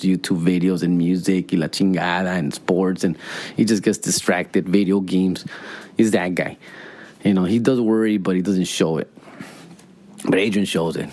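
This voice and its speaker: A forty-year-old man rambles through a story, swearing freely and loaded with slang. His voice sits on the low side and stays loose and casual. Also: a little mellow. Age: 40s.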